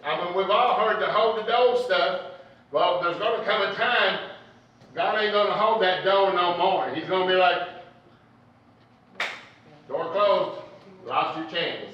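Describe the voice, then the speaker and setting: In a church hall, a preacher with a high-pitched voice gives a folksy, joking sermon at normal speed, telling stories conversationally. The recording is echoey, distant and dull, with a little hiss or hum.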